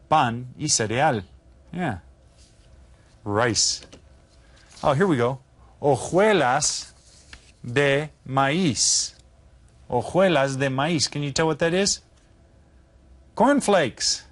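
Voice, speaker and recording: A man teaching Spanish vocabulary to children, pronouncing each word slowly and drawn out, then asking the class to repeat it with friendly encouragement. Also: mid-range voice. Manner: slow, drawn-out pronunciation of vocabulary words.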